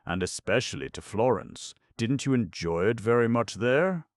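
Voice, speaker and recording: A man's voice: medium pitch, expressive, moderate pace, no room sound, voice pushed up, natural voice. A man voicing a spirited, nosy young woman who speaks in a coy, teasing way.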